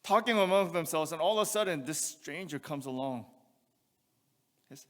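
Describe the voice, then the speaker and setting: A man's voice: a little high, lively intonation, moderate pace, fairly bright tone, in a large hall. A male pastor preaching a sermon, reading scripture aloud and asking rhetorical questions. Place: church sanctuary.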